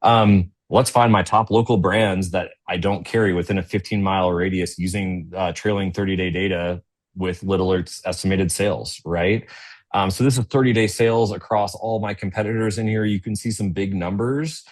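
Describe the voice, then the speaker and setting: A low-pitched man walks viewers through a software demo on a webinar. He talks in a loose, conversational way and keeps tagging his points with "right?". He sounds like he is speaking into a computer mic on a video call. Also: steady tone, normal speed. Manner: conversational, tags sentences with "right?". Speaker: webinar presenter. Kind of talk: casual business webinar walkthrough.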